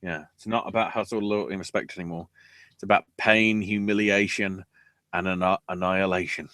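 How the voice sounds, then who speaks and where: A man's voice: low-pitched, little pitch movement, fairly quick, fairly bright tone, dry recording. A man hosting a podcast, giving a rambling, sarcastic play-by-play recap with casual swearing. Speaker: podcast host.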